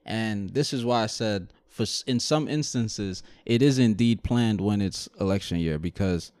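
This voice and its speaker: Animated young man telling a story. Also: fairly low pitch, moderate pace, clear, resonant tone, no echo, studio quality. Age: 20s. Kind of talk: casual group chat.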